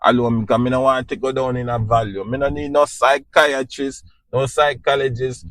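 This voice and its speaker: Here a podcast host with a Jamaican accent speaks in a steady, mid-range voice that's a bit bright, at a moderate pace, on a dry recording. He delivers an informal spiritual talk that is preachy and repetitive, frequently asking if you understand.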